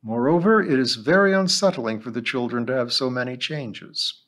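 Man, audiobook narration, mid pitch, measured storytelling. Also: a bit bright. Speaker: audiobook reader.

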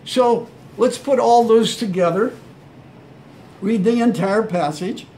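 A man's voice: high voice, slow, warm tone, slight background noise. A man preaching a sermon as pastor, earnest and emphatic, repeating his phrases and calling his listeners friends. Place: church.

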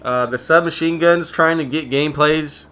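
A young man giving relaxed, chatty gameplay commentary, full of ums and self-corrections. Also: on the high side, moderate pace, clear, resonant tone.

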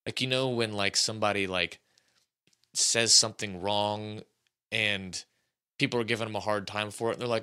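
A man in his thirties hosting a casual sports podcast, talking in an animated, rambling, jokey way. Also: on the low side, moderate pace, clear, resonant tone. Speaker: podcast host.

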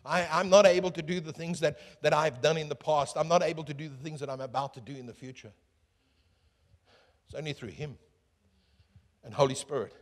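A man preaching a sermon as pastor, swinging from booming calls to hushed asides and asking the crowd questions. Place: church hall. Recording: echoey church hall.

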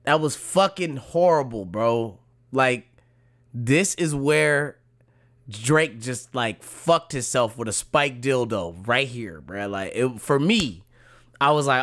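A man's voice: a little high, animated, slow pace, a bit bright. A man reacting to rap diss tracks in casual, profane, mocking commentary, laughing often.

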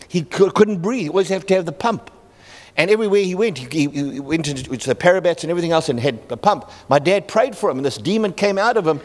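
A middle-aged man preaching a sermon, telling stories with halting restarts and acting out the people in them. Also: sits high. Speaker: pastor. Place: church hall. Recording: long reverb in a church hall.

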